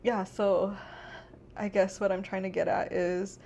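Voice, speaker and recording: A woman's voice: medium pitch, little pitch movement, unhurried, dark tone, slight background noise. A young woman hosting a casual podcast, rambling with many fillers and fighting back tears. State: tearful. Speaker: podcast host. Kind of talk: casual chat.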